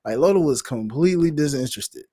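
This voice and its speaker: A man chats loosely as a podcast co-host, with his pitch swinging widely as he acts out reactions in high whoops. His voice sits close and dry, with no room around it. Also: lively intonation, quick pace, dark tone, no room sound. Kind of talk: casual chat.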